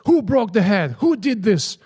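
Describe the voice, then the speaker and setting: A high, strained, shouting voice of a male guru played by a man retelling the scene, firing accusing questions in theatrical fury. The anger is for comic effect, and the voice sits far above the teller's own. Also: big pitch swings, a little slow, husky, full character voice. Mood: mock furious. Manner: yelling, mock outrage.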